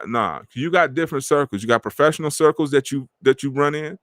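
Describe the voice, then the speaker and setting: A middle-aged man hosting a podcast, talking in animated street slang and acting out the friends he quotes. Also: a little high, fast talker, no echo, clean studio sound. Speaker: podcast host. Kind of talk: casual motivational talk.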